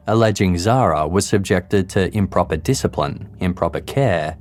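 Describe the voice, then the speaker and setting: A man narrating a true crime podcast in a measured, somber, scripted way. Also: low-pitched, a little mellow.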